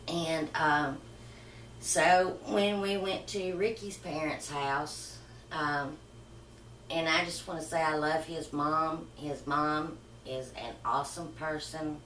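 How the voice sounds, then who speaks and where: Middle-aged woman, low voice, soft rambling storyteller, recorded roomy and off-mic with faint room noise. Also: steady tone, takes it slowly, distant mic. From Southern United States. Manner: rambling, soft-spoken, emotional reminiscing. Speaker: vlogger. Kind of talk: personal storytelling.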